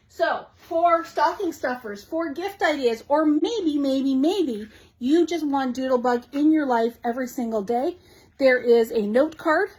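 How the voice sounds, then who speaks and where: A woman with a Canadian accent hosting a live shop showcase of new craft supplies, bubbly and gushing, with quick asides to her viewers. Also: high voice, poor audio. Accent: Canadian English. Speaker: shop host showing new craft products. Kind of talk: live product showcase chat.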